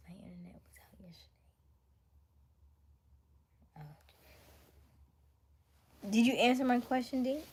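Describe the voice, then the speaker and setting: A woman hosting a livestream, chatting casually with viewers and reading their comments aloud, often laughing and dropping to near-whispers. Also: on the low side. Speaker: livestream host.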